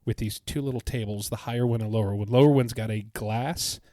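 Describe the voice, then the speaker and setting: A man's voice: on the low side, fairly even intonation, brisk, warm tone, no echo, studio quality. A man co-hosting a podcast, recounting his trip in a casual, enthusiastic, rambling way. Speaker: podcast co-host. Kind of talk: casual chat.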